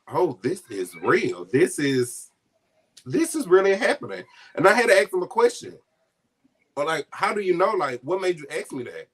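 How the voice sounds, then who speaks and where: A man telling a personal story in an interview, heartfelt and close to tears at times, acting out the voices of the people in it. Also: mid-range voice. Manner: emotional, heartfelt, choking up at times; animated retelling with quoted voices. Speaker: guest storyteller.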